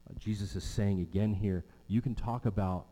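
A man preaching a sermon from the pulpit with a mellow, dark tone. He presses on key words and repeats his main lines for weight. His voice rings with the long reverb of a large hall. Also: lowish voice, fairly even intonation, moderate pace.

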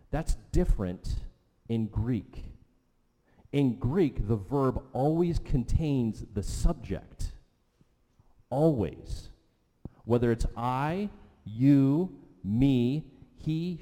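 Mellow-voiced man preaching in a hall. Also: medium pitch. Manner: conversational, repeats okay and right. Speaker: pastor. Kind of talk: sermon teaching with audience questions. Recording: long hall reverb.

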